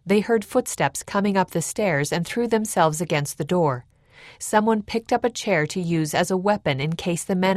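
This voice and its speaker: Measured woman narrating history. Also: fairly low pitch, dry recording, clean studio sound. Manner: measured, even storytelling.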